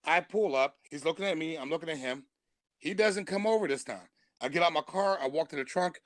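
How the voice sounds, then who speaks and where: A man's voice: on the high side, brisk, fairly bright tone, no echo. A man, a stand-up comedian, telling a long comic story on a live stream and laughing through his punchlines.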